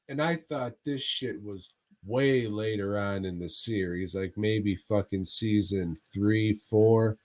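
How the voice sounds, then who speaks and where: Brief: laid-back, slow-speaking male co-host who swears through his plot recaps. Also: fairly low pitch, a little mellow. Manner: profane, rambling retelling. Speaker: podcast co-host. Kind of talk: casual movie review chat.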